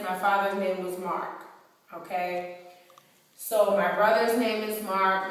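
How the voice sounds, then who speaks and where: A woman's voice: mid-range voice, fairly bright tone. A woman from New York, an author speaking to her fans, talking bluntly and heatedly with plenty of profanity on a phone camera mic. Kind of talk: blunt personal monologue. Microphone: iPhone camera mic. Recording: echoey hall, far from the mic.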